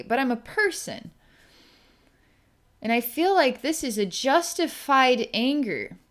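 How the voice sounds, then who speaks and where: A woman with a smooth, clear voice talks through a psychic healing vision. She pauses, restarts and gropes for words as she describes what she sees, speaking in the easy manner of someone thinking aloud. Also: a little high, lively intonation. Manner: halting, searching, describes visions as they come. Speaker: psychic healer. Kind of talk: narrating a distance healing vision.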